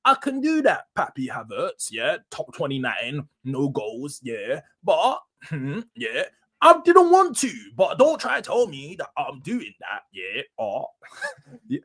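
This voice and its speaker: A man's voice: a little high, wildly swooping pitch, takes it slowly, a bit bright. A young man with a London accent hosting a casual football live stream, bantering with the chat in slang. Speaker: host.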